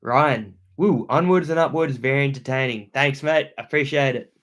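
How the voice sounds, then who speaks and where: Aussie bloke on a livestream, chatty and upbeat, reading out comments at home. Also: male voice, medium pitch, normal speed. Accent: Australian. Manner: upbeat, shouts out viewers, laid-back slang. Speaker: outdoor channel host. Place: indoor room at home.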